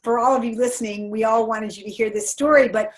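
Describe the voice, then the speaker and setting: A woman's voice: fairly high pitch, fairly even intonation, fast talker, low-quality recording. A woman hosting an interview, encouraging her guest with prompting questions. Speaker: host. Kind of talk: interview conversation.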